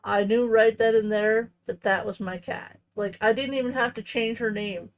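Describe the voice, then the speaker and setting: A woman hosting a crafting channel, chatting casually in a tender, reflective way, often halting and restarting her sentences. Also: fairly high pitch, steady tone, muffled recording. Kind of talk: casual chat while crafting.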